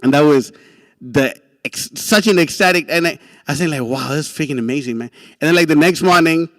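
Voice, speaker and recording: A young man tells his story at a rapid clip, excitable and full of slang. His voice sits fairly high and laughs break in often. The sound is dry and close. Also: no echo. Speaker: class speaker. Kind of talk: animated storytelling talk.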